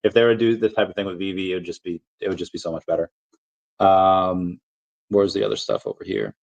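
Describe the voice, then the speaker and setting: On dull-sounding audio, a crypto streamer talks fast in a low, creaky voice with lively intonation. He reads viewers' comments casually, drifting off topic and breaking into his own sentences.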